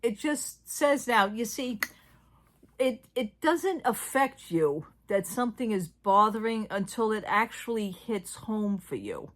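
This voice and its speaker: A woman's voice: medium pitch, lively intonation, unhurried, fairly bright tone. A woman hosting a casual chat about theme park news, talking in loose, filler-heavy sentences. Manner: chatty, trailing off with fillers. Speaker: host.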